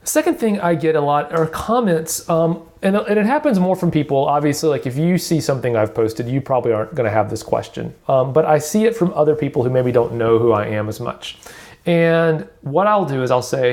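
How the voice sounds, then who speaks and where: A man from Alabama talks through his solo podcast episode in a loose, candid way. He restarts his sentences and fills pauses with ums and uhs as he works through his thoughts. His voice sits at an ordinary middle pitch. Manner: candid, rambling, many restarts and fillers. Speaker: podcast host. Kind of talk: casual solo podcast talk.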